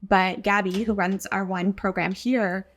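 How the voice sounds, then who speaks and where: A woman's voice: mid-range voice, fairly even intonation, unhurried. Earnest woman guest chatting about her work. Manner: earnest, reflective, with frequent ums. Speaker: guest, front-of-house server and wine learner. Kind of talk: casual podcast chat.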